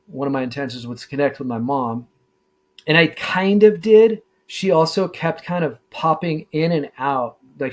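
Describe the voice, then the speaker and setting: Middle-aged guy telling his story, lots of ums and restarts, mid-pitched voice. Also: darkish tone. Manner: halting, many fillers and restarts. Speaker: guest, former deputy sheriff. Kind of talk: casual interview storytelling.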